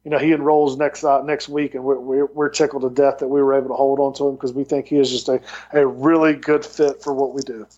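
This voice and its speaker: A man's voice: mid-range voice, little pitch movement, a little fast, darkish tone, lo-fi sound. A man who coaches college football, telling recruiting stories in a casual podcast interview, with a lot of restarts and repeated words. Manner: rambling storyteller with many restarts. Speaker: football tight end coach and recruiting coordinator.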